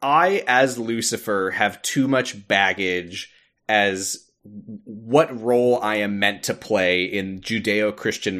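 A man voicing the male devil Lucifer in a low, slow, quiet voice.

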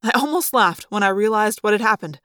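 A woman narrating a story aloud in an expressive, measured way. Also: medium pitch, smooth, no echo, clean studio sound. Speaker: reader.

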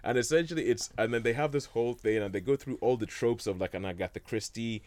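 A man's voice: mid-range voice, fast, a little mellow. A man leading a casual chat about old films, rambling with many fillers and restarts and chuckling often. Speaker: film discussion host.

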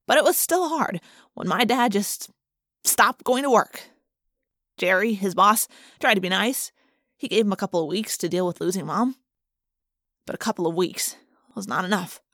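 A woman narrating a first-person audiobook in a brisk, expressive way. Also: mid-range voice, dry recording, clean studio sound.

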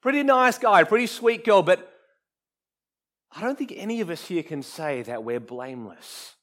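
An earnest man delivers a sermon in a notably high voice. He preaches with emphasis, building his points and then letting key words fall to a quiet hush. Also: lively intonation, normal speed. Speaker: pastor.

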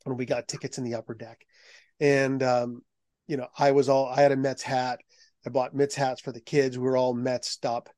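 A middle-aged man, a guest author, telling anecdotes in a lively, conversational way. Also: medium pitch, moderate pace, no echo, clean studio sound. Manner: lively anecdotal telling, acts out quoted voices. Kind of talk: conversational storytelling.

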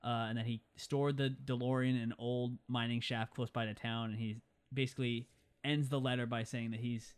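A young man in casual chat, recapping a film in an animated way and breaking into high impressions now and then. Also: clean tone. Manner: rapid and animated, jumps into high-pitched impressions.

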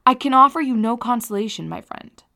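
A woman reading the part of a gentle, sympathetic young man consoling a grieving friend, in a tender, consoling manner. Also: fairly high pitch, expressive, fairly quick, vocal fry, exaggerated voice. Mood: concerned.

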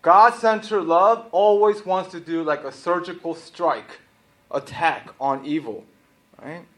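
Slow-talking pastor preaching conversationally. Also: male voice, fairly high pitch. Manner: conversational preaching with frequent "right?" asides and laughs. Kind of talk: sermon.

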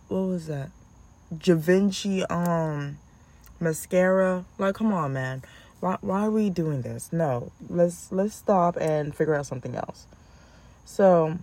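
A woman, a mother of two, telling stories about her children in a casual vlog, animated and acting out her own yelling, with a lilt. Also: on the low side.

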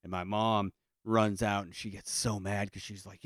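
A man with a very low voice tells a personal story in a loose, comic way, full of fillers and self-corrections. He speaks close to the mic with no room sound. He breaks into the voices of the people in his story now and then. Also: flat delivery, moderate pace, smooth, dry recording. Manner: rambling, many fillers and restarts; acts out family voices in quotes.

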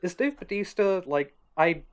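A man co-hosting a casual podcast, chiming in with hesitant, self-correcting remarks and quick asides. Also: high-pitched, lively intonation, clean tone. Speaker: podcast co-host. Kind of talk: casual chat.

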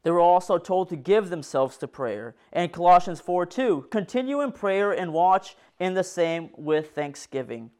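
A man's voice: high voice, animated, moderate pace, hardly any pauses, darkish tone, clean tone. A man preaching a sermon, reading Bible passages aloud with earnest, rising and falling force.

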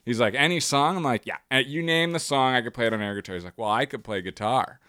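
A man recounts an anecdote in loose podcast banter, swearing freely and slipping into the voices of the people in his story. His voice sits at an ordinary middle pitch. The recording is close and dry. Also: fast, clean tone, no echo. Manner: profane, animated, acts out quotes. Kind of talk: casual chat, storytelling.

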